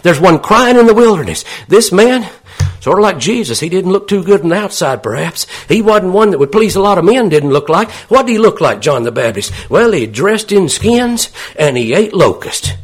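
A man's voice: high-pitched, sing-song, normal speed, husky. A man preaching a sermon in a folksy, plain-spoken way, often asking his listeners questions.

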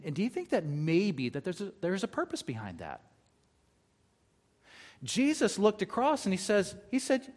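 Male pastor, slightly high voice, conversational sermon with scripture readings.

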